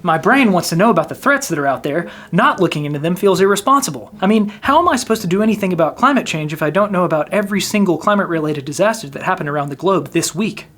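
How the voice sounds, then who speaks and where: A man hosts a comedy video, delivering a scripted monologue with dry, self-deprecating sarcasm. His voice is high and very animated, jumping widely in pitch. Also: quick pace, hardly any pauses, slight background noise.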